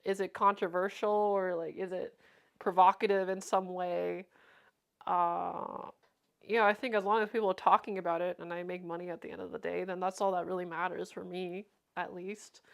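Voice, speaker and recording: A woman's voice: on the low side, level tone, moderate pace, gravelly, clear, resonant tone. A young woman streamer chatting casually, rambling with lots of fillers and frequent laughter. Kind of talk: casual chat.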